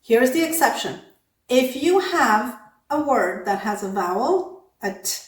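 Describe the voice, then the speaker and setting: A woman teaching English pronunciation, patiently explaining sound rules, saying example words slowly and often checking in with "okay?". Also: a little high, echoey room. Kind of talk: pronunciation lesson.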